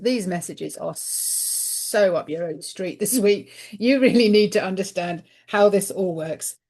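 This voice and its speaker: A woman's voice: medium pitch, a little mellow. Woman, spiritual card reader; emphatic inspirational monologue, doubles up words for stress.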